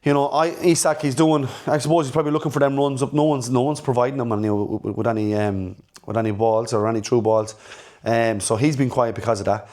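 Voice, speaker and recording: A man's voice: medium pitch, steady tone, a little fast, a little mellow. A middle-aged man, hosting a casual football fan reaction and talking frankly, repeating words as he rambles through his thoughts. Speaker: football fan channel host.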